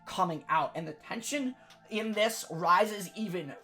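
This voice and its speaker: A man, the dungeon master, casually recapping a tabletop game session in a rambling, animated way. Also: sits high, unhurried, faint music behind. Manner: rambling, many fillers and restarts, animated.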